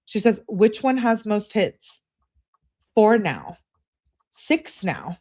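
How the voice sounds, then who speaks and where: A woman hosting a true-crime channel, reading a couple's text messages aloud in a casual way and breaking off for quick remarks of her own. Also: medium pitch, very animated, a little mellow. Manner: reads texts aloud, breaks off with quick asides. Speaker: host reading case evidence.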